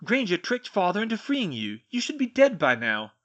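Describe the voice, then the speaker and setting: A man's voice: high-pitched, huge pitch swings, normal speed, a bit bright, dull audio, voice pushed up, full character voice. A man voicing a spoiled, contemptuous teenage wizard boy making angry demands. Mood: demanding.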